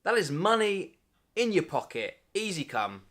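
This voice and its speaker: A man's voice: expressive, normal speed, a little hiss or hum. Joking young man talking to camera. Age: 20s. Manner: playful, mock-dramatic, jumps between loud bursts and low asides. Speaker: vlogger. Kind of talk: comedic monologue to camera.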